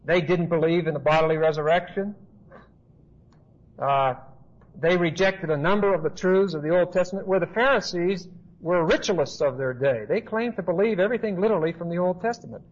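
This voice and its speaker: High-voiced man teaching scripture. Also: fairly quick, lo-fi sound. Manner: explanatory, emphatic, with asides and rhetorical questions. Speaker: Bible teacher. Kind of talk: expository Bible teaching.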